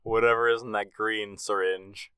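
A young man co-hosting a casual podcast, tossing in quick jokey interjections. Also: fairly low pitch, level tone, sharp tone, clear, resonant tone, dry recording. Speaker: podcast co-host.

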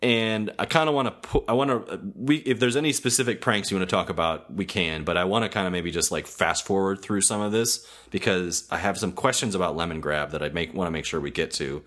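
A young adult man hosting a relaxed podcast chat about a cartoon episode, hesitant with many ums and frequent laughter. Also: low-pitched, brisk, few pauses. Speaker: podcast host. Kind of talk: casual chat.

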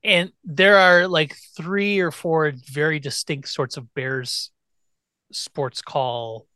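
A man's voice: fairly high pitch, fairly even intonation, slow, sharp tone, smooth, no echo, studio quality. A man co-hosting a casual sports podcast, talking in a wry, exasperated way that often trails off. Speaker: podcast co-host.

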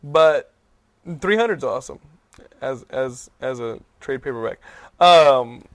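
A man hosting a geek culture podcast, enthusiastic and quick to laugh in casual chat. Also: medium pitch, lively intonation, no room sound. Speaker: podcast host.

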